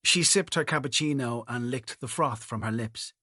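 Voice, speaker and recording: A man narrating a novel in the first person, with calm, measured storytelling. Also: medium pitch, dry recording, studio quality. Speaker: audiobook narrator.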